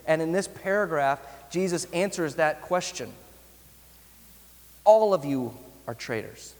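Delivering a sermon earnestly and emphatically, a pastor slows down to stress his key phrases, his voice animated, a little mellow, and slightly high for a man. The long reverb of a large hall surrounds the sound.

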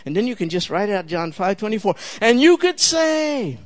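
An older male preacher with a somewhat high voice delivers a sermon. He talks emphatically and conversationally. He keeps turning to the congregation with direct questions. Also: very animated, normal speed.

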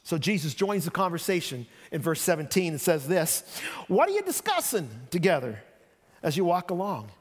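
High-voiced pastor preaching in a hall. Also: male voice, normal speed, breathy edge. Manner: conversational, animated retelling with voiced quotes. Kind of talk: sermon. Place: church sanctuary. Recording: long reverb of a church hall.

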